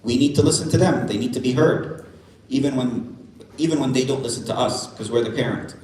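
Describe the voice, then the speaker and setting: A man giving an earnest church parenting talk, repeating and restarting his phrases as he coaches parents. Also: medium pitch. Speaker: parenting class speaker. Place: church hall. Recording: echoey room from far off, faint hum.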